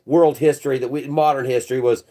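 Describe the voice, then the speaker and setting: A man's voice: medium pitch, fairly even intonation, fast, dark tone. Man, channel host, mid-range voice, rambling conspiratorial livestream rant, keeps saying bro. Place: indoors.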